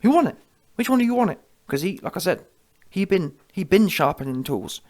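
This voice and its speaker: Brash male boxing commentator, slangy and opinionated, voice sitting a bit high. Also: big pitch swings, brisk, darkish tone. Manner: brash, slangy, keeps asking "yeah?".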